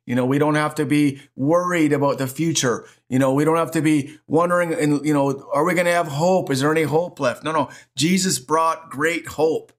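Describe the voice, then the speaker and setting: Emphatic higher-voiced male preacher. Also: moderate pace, hardly any pauses. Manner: animated, emphatic preaching with repetition. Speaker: pastor. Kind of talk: sermon.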